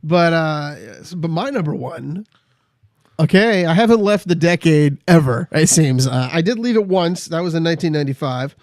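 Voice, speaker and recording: Halting high-voiced man chatting movies. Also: expressive, a little mellow, dry recording, studio quality. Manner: halting, many restarts, acts out movie lines. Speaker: podcast co-host. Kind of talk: casual chat about movies.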